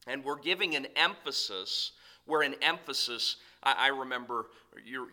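A man's voice: mid-range voice, bright, forceful tone. A man preaching a sermon, emphatic and conversational, repeating key points and turning to address the congregation directly.

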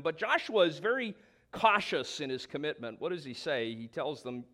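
A man's voice: a little high, animated, a bit bright. Man preaching an emphatic sermon. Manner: emphatic preaching with drawn-out stresses and asides. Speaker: pastor.

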